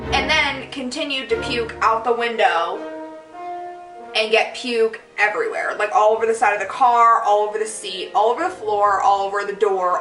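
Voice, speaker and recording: A woman's voice: fairly high pitch, bright, forceful tone, roomy sound, recorded from a distance, low-quality recording. A young woman vlogger telling embarrassing stories in a rambling, profane, self-mocking way. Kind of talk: casual storytelling vlog.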